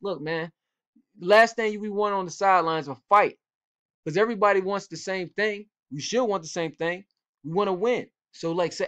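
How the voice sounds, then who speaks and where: Male football coach, slightly high voice, casual and direct, repeats key points, muffled lo-fi audio. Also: moderate pace, a bit bright, clear, resonant tone. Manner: direct, repetitive, coach-like urging. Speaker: football coach and cornerback trainer. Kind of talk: casual instructional talk to young players.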